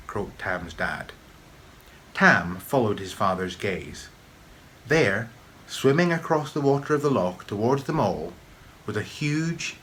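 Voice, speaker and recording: A man reading aloud his own children's story with expressive, measured storybook narration. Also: fairly low pitch, a little hiss or hum.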